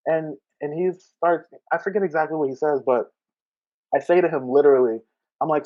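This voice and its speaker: A man co-hosting a podcast, telling a story in casual chat, animated and laughing as he acts out what people said. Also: on the high side, moderate pace, lo-fi sound. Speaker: podcast co-host.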